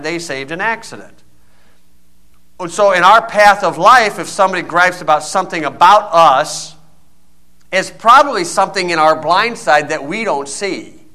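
A man's voice: high-pitched, bright, forceful tone. A middle-aged male pastor preaching a sermon, telling folksy stories and acting out the voices in them. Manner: folksy storytelling, quoting voices in anecdotes.

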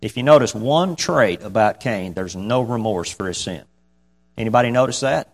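A man's voice: fairly low pitch, lively intonation, moderate pace. A man preaches an informal sermon. He reads the old scripture wording, then talks through it in a plain, folksy way and chuckles between points. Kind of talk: casual sermon.

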